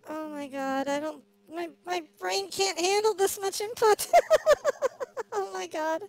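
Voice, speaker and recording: High-voiced, flustered woman chatting. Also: creaky, poor audio. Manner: flustered, halting, self-deprecating. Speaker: streamer singing karaoke. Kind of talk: casual chat on a voice call.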